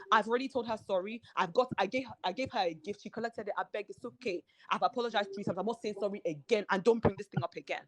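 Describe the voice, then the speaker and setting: A woman, a reality show cast member telling her story in an animated way and acting out the quoted lines of the people in it. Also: medium pitch, quick pace, slight background noise. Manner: animated, acts out quoted dialogue. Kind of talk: candid podcast interview storytelling.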